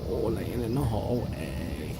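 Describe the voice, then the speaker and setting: Man cooing softly at his cats. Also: on the low side, lively intonation, takes it slowly, gravelly, heavy background noise. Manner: soft cooing baby talk to cats, frequent chuckles. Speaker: pet owner filming his cats. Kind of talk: casual talk to pets. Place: home indoors, hallway and living room.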